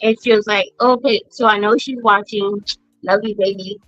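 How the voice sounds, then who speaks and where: A woman's voice: mid-range voice, steady tone, normal speed, fairly bright tone, dry recording, soft background music. Woman, middle-aged, podcast host, blunt, profane, dry muffled sound. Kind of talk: casual chat. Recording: dull lo-fi sound.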